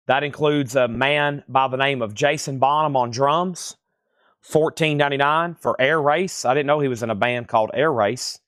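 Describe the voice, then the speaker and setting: A man hosting a live online vinyl record auction, briskly reading out records, grades, prices and bidders. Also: mid-range voice, fairly bright tone, no room sound, studio quality.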